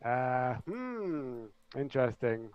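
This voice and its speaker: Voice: mid-range voice, big pitch swings, slow, muffled recording. A player in a casual tabletop game, thinking aloud and hesitant. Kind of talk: casual chat at a gaming table.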